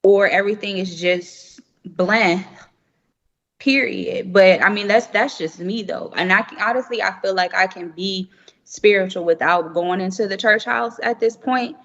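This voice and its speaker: A woman's voice: mid-range voice, unhurried, a bit bright. A young woman talking candidly and emphatically in a casual chat, often laughing. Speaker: podcast guest. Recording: muffled remote audio with long reverb.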